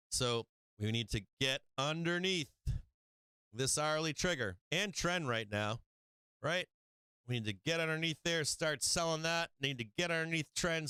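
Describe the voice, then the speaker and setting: Man, live stock market host, brash, excitable, swearing, smooth resonant voice, dry close sound. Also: fairly high pitch, no room sound. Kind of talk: live-stream chart analysis.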